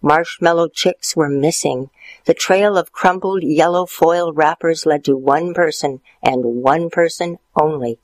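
A man narrating a storybook in a playful, expressive way, lifting his voice for the characters. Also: measured pace, no room sound, rough recording. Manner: playful, expressive, jumps higher for character quotes.

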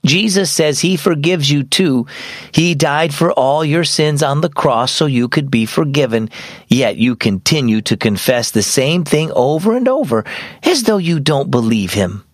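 A man voicing a caring, apologetic mother in a children's storybook reading, speaking gently and patiently. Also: a little high, lively intonation, a little slow, dry recording, clean studio sound, pitched above the performer's own voice. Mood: gentle.

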